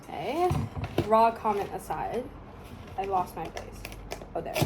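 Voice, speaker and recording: A woman's voice: mid-range voice, a little slow. Giggly woman reading fanfic aloud. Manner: giggly, breaks into laughter while reading. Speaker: co-host. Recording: steady background noise.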